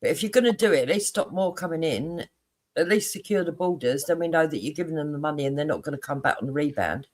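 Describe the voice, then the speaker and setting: A man's voice: on the high side, animated, fast, a little hiss or hum. Man earnestly arguing his point. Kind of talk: casual livestream chat.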